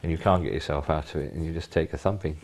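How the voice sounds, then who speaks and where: Older man, very low voice, retired policeman, animated anecdotes, emphatic bursts. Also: fast talker, gravelly. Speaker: retired police officer, private investigator. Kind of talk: anecdotal interview.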